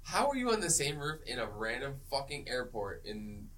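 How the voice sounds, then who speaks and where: A man's voice: mid-range voice, sing-song, fairly bright tone, a little hiss or hum. A young man co-hosting a movie podcast, ranting sarcastically and swearing freely as he retells scenes. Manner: rapid, profane, sarcastic retelling. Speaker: podcast co-host. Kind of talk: casual movie review chat.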